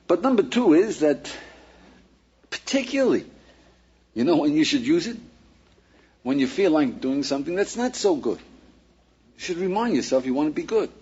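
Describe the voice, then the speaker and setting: A husky-voiced man lectures a class as a rabbi, his pitch jumping around as he acts out short exchanges and fires questions at the room. His voice sits a little high for a man. The recording is dull and lo-fi, like an old archived lecture. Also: a little mellow.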